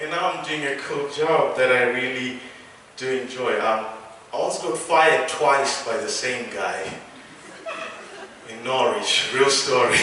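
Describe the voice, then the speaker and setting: A young man from England doing a stand-up comedy routine, animated, with loud punchlines and laughing at his own jokes. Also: medium pitch, slight background noise. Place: small theatre stage. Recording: echoey theatre, mic from a distance.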